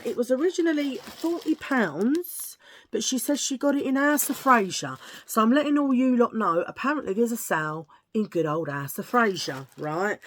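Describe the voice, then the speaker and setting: A woman's voice: mid-range voice, slight background noise. A British woman talking to her camera in a casual haul video, chatty and rambling, cracking self-mocking jokes as she goes. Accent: British English. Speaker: vlogger.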